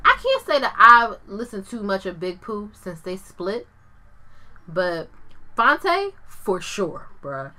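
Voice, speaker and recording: A woman in her thirties co-hosting a casual chat, animated and slangy, laughing often. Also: mid-range voice, slow. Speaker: podcast co-host.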